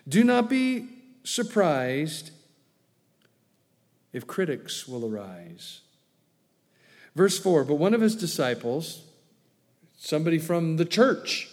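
A pastor preaching a sermon in a conversational way, with joking asides and acted quotes. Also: male voice, mid-range voice, lively intonation, slow, long pauses, big-room sound.

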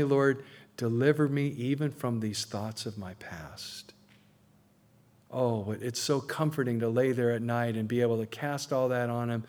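A man preaching a sermon to a congregation, swinging between loud emphasis and quiet asides. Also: medium pitch. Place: church before a congregation.

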